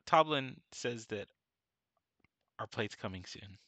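Guy putting on a perky young gnome girl, higher and louder, dry sound. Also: lively intonation, takes it slowly, no echo, heavily acted. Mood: eager. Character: young female gnome, eager and friendly.

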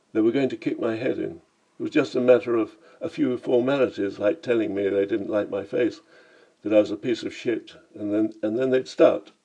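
A man's voice: lowish voice, gravelly, warm tone, husky, muffled recording. A man narrating his own travel memoir in a vivid, dramatic storytelling manner.

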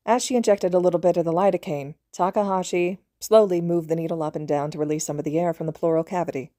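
A woman narrating fan fiction as an audiobook, with a low, mellow voice and steady, even delivery. The sound is close and dry, with almost no room around it. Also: fast, dry recording. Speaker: podfic reader.

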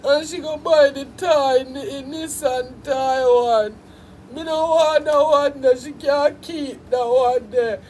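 A woman's voice: high-pitched, fairly even intonation, takes it slowly, darkish tone, slight background noise, rough recording. A Jamaican woman putting on the whiny voice of a sulky grown man she is mocking. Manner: sulky, whining.

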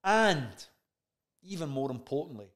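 A man's voice: on the high side, expressive, a little slow, a bit bright. A man with a Scottish accent, a chat show guest telling a story in casual conversation, swearing freely and acting out the dialogue he remembers.

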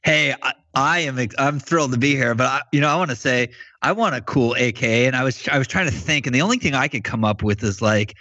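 A man's voice: medium pitch, fast, hardly any pauses, sharp tone, dry recording. A man speaking as a guest on a podcast, friendly and easygoing, with lots of "like" and "you know". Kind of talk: casual interview chat. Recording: dry, slightly muffled sound.

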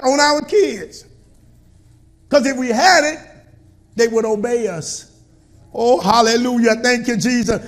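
Preacher, male, very high voice, preaching cadence, folksy and punchy. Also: a little slow, pauses often. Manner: call-and-response preaching, colloquial, rising to shouts. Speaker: pastor. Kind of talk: sermon.

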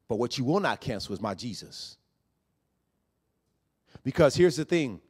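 Emphatic preaching man, higher voice. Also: lively intonation, normal speed, pauses often, slightly rough. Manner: conversational preaching, builds to loud emphatic peaks. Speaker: pastor. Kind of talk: sermon.

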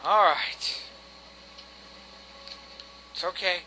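Exasperated, cursing high-voiced man gaming. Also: expressive, extremely slow, long pauses, noisy background. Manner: exasperated, swears at the game and himself. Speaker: gameplay commentator. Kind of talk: casual let's-play commentary.

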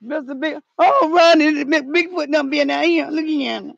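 A woman with a gravelly, fry-heavy voice talks to her viewers outdoors in the cold. Her delivery is dramatic and slangy, and she often shouts out calls. The sound is a dull, muffled, lo-fi phone recording. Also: sits high, normal speed, no echo. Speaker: vlogger. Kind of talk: casual outdoor vlog.

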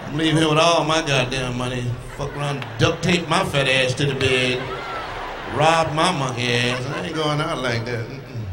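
Loud, profane stand-up comic working the crowd. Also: male voice, on the high side. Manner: profane, loud, teasing the audience. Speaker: stand-up comedian. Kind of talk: crowd work in live stand-up. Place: large comedy venue with live audience. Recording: echoey live hall with room noise.

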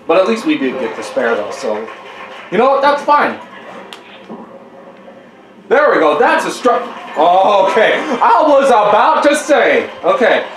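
Young guy yelling at a video game, high voice swinging up and down, slow talker, echoey room. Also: very animated. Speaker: gaming YouTuber. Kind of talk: casual gameplay commentary. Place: home living room.

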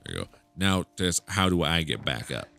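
With a low, vocal-fry voice, a man rambles and jokes through a video game playthrough, laughing often. He's a gaming YouTuber delivering casual let's-play commentary at a moderate pace, very animated throughout.

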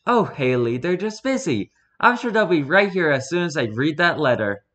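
A man voicing a possessive, inhuman carnival entity that coos sweetly, then sinks low and menacing. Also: big pitch swings, normal speed, fairly bright tone. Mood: coaxing. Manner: syrupy, cooing, turning low and menacing.

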